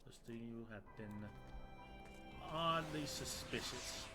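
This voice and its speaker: A man's voice: mid-range voice, slow, loud music behind the voice. A man streaming a game, commenting in a casual, joking, offhand way.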